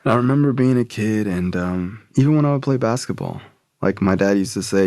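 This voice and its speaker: A man's voice: on the low side, fairly quick, no room sound, studio quality. A man, a podcast guest, telling a personal story in a casual, loose way, full of "like" and "bro". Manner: casual, relaxed, frequent "like" and "bro".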